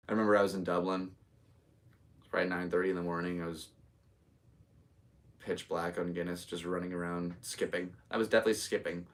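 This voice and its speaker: A laid-back man in his thirties from Connecticut, chatting loosely on his own podcast. His voice sits low, and he drifts from story to story with easy fillers. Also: a bit bright, recorded from a distance. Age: 30s. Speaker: podcast host and comedian. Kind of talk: casual solo podcast chat.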